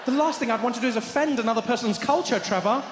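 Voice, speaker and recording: A man's voice: extremely high pitch, fast. A man voicing a timid male friend who stammers and pleads, anxious not to offend anyone. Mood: pleading. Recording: echoey hall, noisy room.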